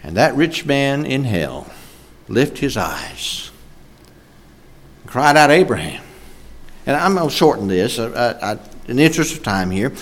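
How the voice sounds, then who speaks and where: Man, preacher, sermon, emphatic with fillers, animated pitch. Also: unhurried.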